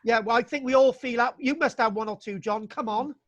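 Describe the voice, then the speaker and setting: A man's voice: extremely high pitch, a little fast, dry recording, dull audio. A man lecturing on local history over a video call in a chatty, folksy way, with many fillers and restarts. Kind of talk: online illustrated history lecture.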